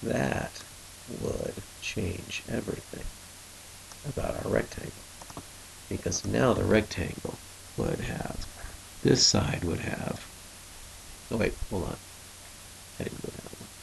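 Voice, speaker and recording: Gravelly-voiced man teaching math. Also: fairly low pitch, takes it slowly, long pauses, a little hiss or hum, poor audio. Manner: steady explaining, thinking aloud while drawing. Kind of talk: screencast math lesson.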